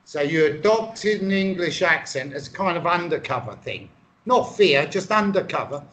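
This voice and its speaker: A man's voice: fairly high pitch, expressive, normal speed, a bit bright. A man in casual comedic banter, swearing freely and playing along as podcast co-host. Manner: crude, swearing, playfully goes along.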